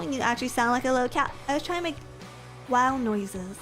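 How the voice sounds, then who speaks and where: Bubbly high-voiced woman streamer. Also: fairly quick, music in the background. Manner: bubbly, playful, chatty with viewers. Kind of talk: casual stream outro chat.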